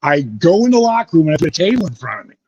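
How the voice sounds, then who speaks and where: A former pro wrestler, appearing as a guest, spins wild stories in an animated interview, his fairly high, husky voice racing in a sing-song rhythm with a darkish tone. He swears freely and slips into the voices of the people he quotes. The recording is dry and close, with a dull, lo-fi quality.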